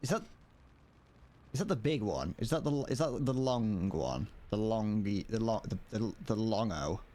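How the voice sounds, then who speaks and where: Low-voiced man rambling on a stream. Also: expressive, normal speed, mellow. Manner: rambling, frequent restarts and chuckles. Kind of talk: casual gaming livestream chat. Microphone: desk mic, wearing headphones.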